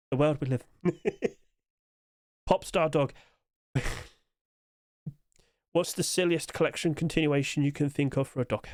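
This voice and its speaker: A man's voice: a little high, dry recording, clean studio sound. A man giving casual, rambling solo commentary on game skins, chuckling to himself as he goes. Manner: quick-talking, trying to rush through.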